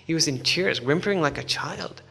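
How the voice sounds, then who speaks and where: Male preacher, gravelly and forceful, casual storytelling, long hall echo. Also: fairly high pitch, animated, brisk. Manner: conversational, with many asides and fillers. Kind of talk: sermon storytelling.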